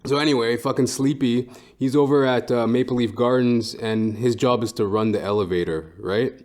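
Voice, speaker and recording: A man's voice: mid-range voice, fairly even intonation, moderate pace, darkish tone. A man hosting a podcast who rambles through a casual monologue with constant swearing and lots of fillers. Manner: profane, rambling, heavy fillers. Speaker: podcast host.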